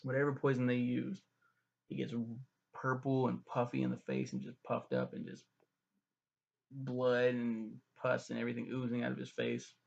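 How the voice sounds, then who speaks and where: Gravelly-voiced young man, profane TV reviewer. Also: medium pitch, normal speed. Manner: profane, animated retelling of scenes. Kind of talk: casual spoken review. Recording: dull lo-fi sound.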